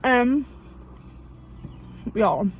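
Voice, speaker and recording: A woman, chatting excitedly and rambling with many fillers as she recaps a romance novel. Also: on the high side, very slow, breathy edge, poor audio. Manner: gushing, rambling, lots of fillers. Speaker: book vlogger. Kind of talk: casual book review chat. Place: outdoors near a parking lot.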